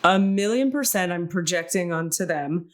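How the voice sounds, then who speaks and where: A woman podcast host telling a personal story in casual chat, animated and rambling, correcting herself and swearing casually. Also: lowish voice, moderate pace. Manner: animated, acts out quoted dialogue, swears casually; rambling, self-correcting, many fillers.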